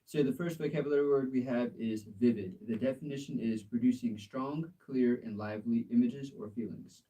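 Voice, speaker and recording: An American man tutors English in a relaxed live session, gently correcting pronunciation and laughing often. His voice is mellow and warm, and he sits a little back from the mic. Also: mid-range voice, distant mic, low-quality recording. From United States. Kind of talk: live language exchange lesson.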